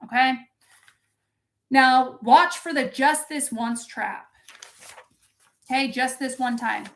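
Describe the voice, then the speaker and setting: A woman with a high voice gives a live-streamed motivational talk. She is intense and profane, hammers her points home and breaks off to answer viewers in the chat. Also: slow pace, fairly bright tone. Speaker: motivational coach.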